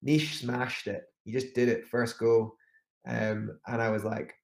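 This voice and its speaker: A man's voice: mid-range voice, steady tone, unhurried, vocal fry, reverberant. A man telling a climbing story in a casual interview, rambling with many restarts and fillers. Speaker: climber guest.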